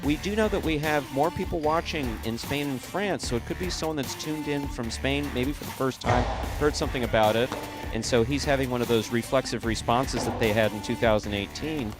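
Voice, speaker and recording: A man's voice: mid-range voice, fairly quick, loud music behind the voice. A man calling jai alai play-by-play, with rambling asides when he chats with his co-host. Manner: crisp calls of each play, rambling asides in chat. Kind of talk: sports commentary and casual banter.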